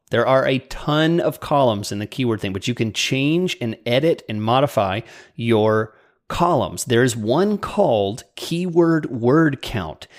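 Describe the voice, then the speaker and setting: A man co-hosting a podcast, chatting casually and explaining software tips step by step, quick to laugh. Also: medium pitch. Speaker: podcast co-host.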